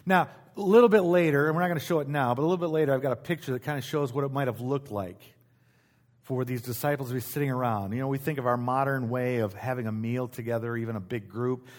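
A middle-aged male pastor preaching in a church, reading scripture aloud and explaining it in a relaxed, conversational way, with asides to the congregation. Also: mid-range voice, quick pace. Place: church sanctuary.

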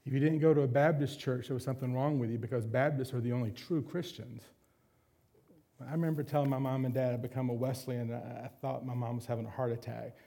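A man's voice: medium pitch, fairly even intonation, quick pace, creaky, dark tone. A man preaching a sermon as a pastor, candid and confessional with self-deprecating humor.

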